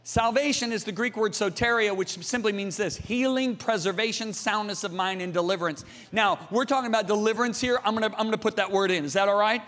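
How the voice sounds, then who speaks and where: Male preacher with a high voice and an impassioned, storytelling delivery, recorded in a large echoing hall. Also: fast, hardly any pauses, fairly bright tone. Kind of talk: sermon. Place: church hall with congregation. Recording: long reverb of a large hall.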